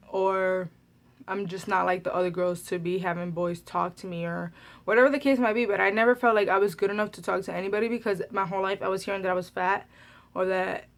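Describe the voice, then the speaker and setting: A young adult woman telling a personal story to her vlog camera in a casual, chatty way, full of "like" fillers. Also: mid-range voice. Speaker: beauty vlogger.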